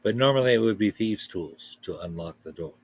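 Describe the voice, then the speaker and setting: A man playing a tabletop game, talking hesitantly with lots of pauses. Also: lowish voice, lively intonation, husky. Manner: hesitant, full of ums. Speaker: player. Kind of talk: casual tabletop play.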